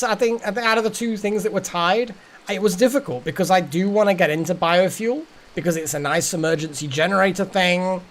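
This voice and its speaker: A man streams a game and rambles casually to his chat, his voice high-pitched, a bit bright and a little fast.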